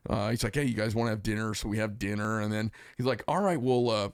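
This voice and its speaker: A man's voice: fairly low pitch, fast talker, clear, resonant tone, no echo, studio quality. A middle-aged man hosting a casual chat, telling long stories, acting out the people he quotes and swearing freely. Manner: animated storyteller, acts out quotes, swears freely. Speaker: podcast host and knifemaker. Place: small workshop studio.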